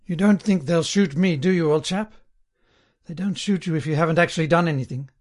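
A man's voice: a little high, slow pace. A man voicing a frightened, pudgy middle-aged prisoner who pleads eagerly, close to blubbering. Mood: pleading.

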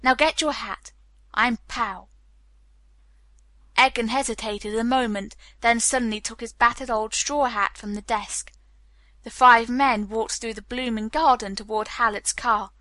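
Bright-voiced woman narrating a novel. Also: on the high side, steady tone, moderate pace, no room sound. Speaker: audiobook narrator. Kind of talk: scripted narration.

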